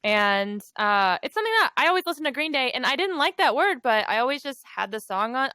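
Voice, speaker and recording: A woman's voice: mid-range voice, bright, forceful tone, no echo. A woman streamer chatting casually on a podcast, talking in a hesitant way with lots of fillers. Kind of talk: casual group chat.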